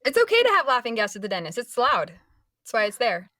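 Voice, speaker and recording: A woman's voice: fairly high pitch, fast, no echo, clean studio sound. A woman co-hosting a podcast who is a mother of five, giving emphatic advice in casual chat. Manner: emphatic, animated advice-giver.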